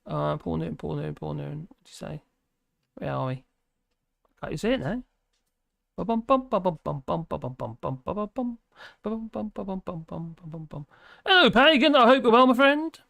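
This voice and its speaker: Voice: mid-range voice, fairly even intonation, fairly quick, creaky, fairly bright tone, no echo, studio quality. A host with a British accent chatting casually on a live stream, reading out viewer comments and humming between them. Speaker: livestream host.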